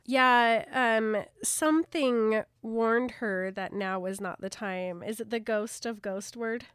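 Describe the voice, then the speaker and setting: A woman's voice: fairly high pitch, slow, fairly bright tone, smooth, no room sound, studio quality. A woman co-hosting a casual podcast, giggly and joking as she reacts to the story. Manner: giggly, jokes and reacts with gasps. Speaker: podcast co-host. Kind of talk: casual book chat.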